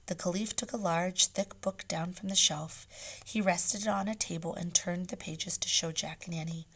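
A woman's voice: on the low side, normal speed, breathy edge. Woman teacher reading a chapter book aloud. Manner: soft, often whispered narration, turning animated when asking the class questions.

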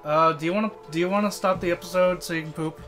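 A young man joining a gameplay session, tossing in dry, teasing comments in a fairly high voice. Game music hums faintly behind him. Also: fairly even intonation, fast talker, a bit bright. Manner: dry, offhand teasing remarks. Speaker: co-host. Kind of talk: casual chat.

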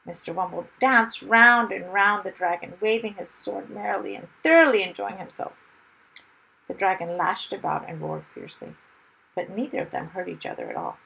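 A woman reading a children's story aloud in a lively, expressive way. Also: fairly low pitch, normal speed, gravelly, husky, rough recording.

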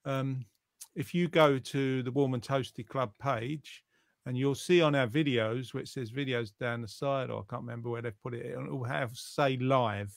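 A man's voice: medium pitch, fairly even intonation, normal speed, creaky, dry recording, clean studio sound. A man hosting a live online quiz show in casual chat, reading out viewer comments with a jokey manner and lots of fillers. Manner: chatty and jokey, with frequent fillers.

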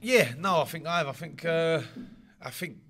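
Soft music plays behind a London-born rugby league player being interviewed, who chats casually, rambles, repeats words and often laughs. His slightly high, somewhat bright voice moves at a moderate pace.

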